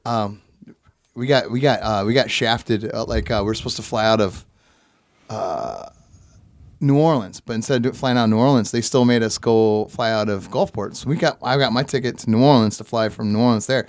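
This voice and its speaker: A man's voice: on the low side, brisk, no room sound, studio quality. A man hosting a casual conversation, laid-back and profane, often laughing as he tells stories. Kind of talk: casual chat.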